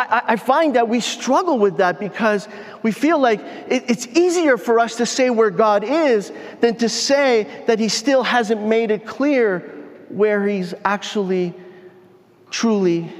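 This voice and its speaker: A man with a high voice preaches a sermon as pastor in a loose, conversational way, often repeating and restarting words as he thinks aloud. His voice rings out with the long reverb of a large hall.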